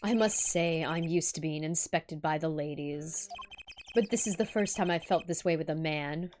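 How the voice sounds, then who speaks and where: A woman's voice: sits low, darkish tone, slight background noise, pitched below the performer's own voice, close to an everyday voice. A woman doing Klavier Gavin, a suave rock-star prosecutor. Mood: suave flirty. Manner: suave, slow, drawn-out delivery.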